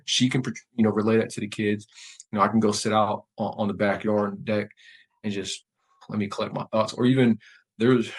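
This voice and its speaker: Guest: veteran man, low flat voice, thoughtful and halting, candid interview talk. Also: rough recording. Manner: reflective, measured, with many fillers and restarts. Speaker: podcast guest, Marine veteran.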